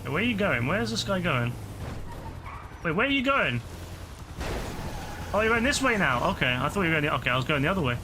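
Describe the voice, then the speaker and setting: This exhausted streamer's voice is a little high and sing-song, a bit fast, and broken up by frequent pauses. He exclaims in frustration, addressing both himself and the game, as his voice begins to break during live gameplay commentary. Game sounds are clear in the background.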